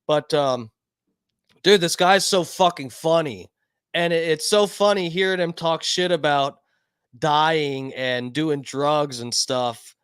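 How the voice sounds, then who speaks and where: Male host, casual and swearing, fairly high voice, dry close sound. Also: slow pace, a bit bright, smooth, dry recording. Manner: laid-back, swears a lot, laughs along. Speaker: stream host. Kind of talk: casual chat.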